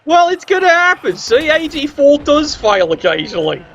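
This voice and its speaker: A man commentating a video game match, tossing in sardonic quips and letting his voice leap upward for effect. His speaking voice sits high for a man. The recording sounds a little dull and muffled, with a faint hiss running underneath. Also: big pitch swings, moderate pace. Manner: cheeky, sardonic asides with sudden pitch jumps.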